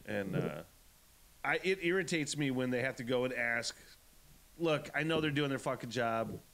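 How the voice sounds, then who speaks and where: A man hosting a podcast, telling a story in a profane, animated, ranting way. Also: mid-range voice, moderate pace. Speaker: podcast host. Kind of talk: casual podcast chat.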